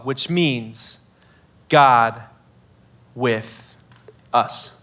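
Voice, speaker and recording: A man's voice: a little high, moderate pace, a bit bright. A man preaching a sermon to students in a casual, conversational way, full of fillers and acted-out quotes. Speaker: youth pastor.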